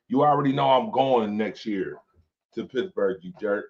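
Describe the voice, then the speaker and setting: A man's voice: lowish voice, moderate pace, a little mellow. A man hosting a late-night sports talk stream, joking loosely and reading viewer comments aloud. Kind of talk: casual chat with viewers. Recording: dull lo-fi stream audio.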